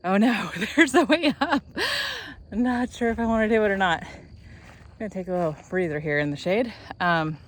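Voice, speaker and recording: A woman's voice: mid-range voice, normal speed, a little hiss or hum. Chatty young woman vlogging on a trail. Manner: chatty, upbeat, rambling. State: slightly out of breath. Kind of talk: casual walking vlog. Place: outdoor hiking trail.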